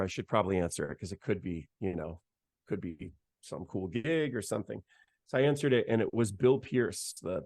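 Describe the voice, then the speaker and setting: A young man with a fairly low, gravelly voice tells a story in an easygoing, chatty way. He leans on filler words like "like" and "man". The sound is dry and close. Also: a little mellow, dry recording. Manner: chatty, heavy use of "like" and "man". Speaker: guest saxophonist. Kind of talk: casual storytelling.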